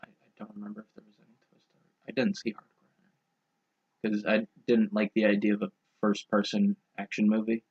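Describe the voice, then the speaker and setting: A man's voice: fairly low pitch, completely flat delivery, fairly quick, long pauses, darkish tone, breathy edge. A young man co-hosting a podcast, chatting casually and making crude, rambling jokes. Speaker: podcast co-host. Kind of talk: casual chat. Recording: dull lo-fi podcast audio.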